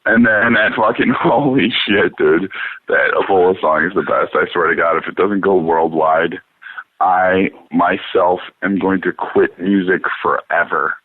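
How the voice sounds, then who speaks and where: A man hosting a talk show in loose, profane casual chat, rambling and animated. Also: deep voice, measured pace, no echo. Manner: rambling, swears a lot, animated. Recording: dry, phone-like radio sound.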